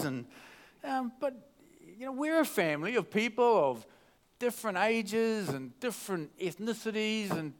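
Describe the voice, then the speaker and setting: A man preaching a casual sermon at a church service into a microphone, chatty and joking, often restarting his sentences. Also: sits high. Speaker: pastor.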